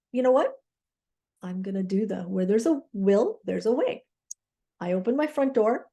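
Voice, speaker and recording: A woman's voice: medium pitch, warm tone. A woman mindset coach telling a personal story in an earnest, grateful way, often checking in with her listeners with "okay?".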